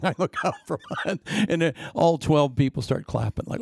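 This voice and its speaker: A middle-aged man preaching a sermon, telling stories in an animated way. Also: fairly high pitch, normal speed, gravelly, dry recording, studio quality.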